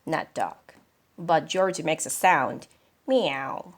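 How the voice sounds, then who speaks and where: A woman, an English teacher reading a children's story aloud and explaining words in a chatty, animated way. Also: low-pitched, extremely slow, slight background noise. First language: Korean. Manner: animated, chatty, laughs often.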